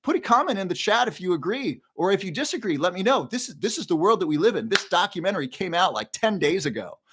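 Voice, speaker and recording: A man's voice: high-pitched, sing-song, fast, fairly bright tone, husky. A middle-aged man hosting a live stream, ranting with indignation and often repeating words as he builds up steam. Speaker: show host. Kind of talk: impassioned live-stream monologue.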